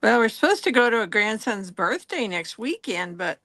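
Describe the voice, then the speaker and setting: An older woman with a fairly high voice chats in an online art group, spinning lively stories and acting out what others said. She talks casually and warmly engaged with the group. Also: moderate pace, dry recording. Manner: lively storyteller, acts out quotes. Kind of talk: casual chat.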